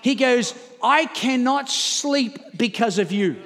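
A man preaches a sermon, acting out a story with mounting energy. His voice sits very high for a man. The sound rings out in a reverberant hall with a long tail. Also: slow, gravelly, few pauses, a little hiss or hum. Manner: animated storyteller, voice climbs and gets louder as the story builds. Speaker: pastor.

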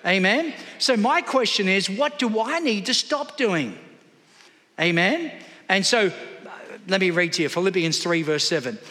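Preaching from the pulpit of a church hall, this pastor calls for responses from his congregation. He speaks a little slowly in a high-pitched, animated voice with a sharp edge, and the recording carries a long hall reverb.

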